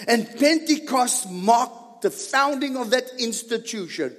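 Man preaching a sermon, high voice, swoops up and down a lot, long echo in a big church. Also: expressive, measured pace, few pauses. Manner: rhetorical questions answered aloud, builds to shouting. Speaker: pastor. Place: church sanctuary. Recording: long reverb of a large hall.

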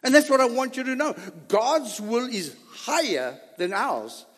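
A man delivers a dramatic first-person sermon in a high, animated voice, leaning hard on rhetorical questions. He stretches out key words with emphatic weight. The sound rings with the long reverb of a hall. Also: measured pace. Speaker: preacher.

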